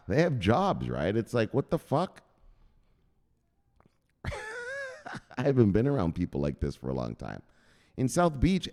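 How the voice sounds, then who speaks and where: Profane animated man in a roomy room. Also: mid-range voice. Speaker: crypto news show host. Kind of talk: casual livestream rant. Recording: roomy reverb.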